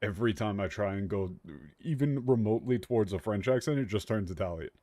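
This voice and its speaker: A tired young man giving animated, joking let's-play commentary as a streamer, swearing freely. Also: fairly low pitch, a little fast, dry recording. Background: faint game music.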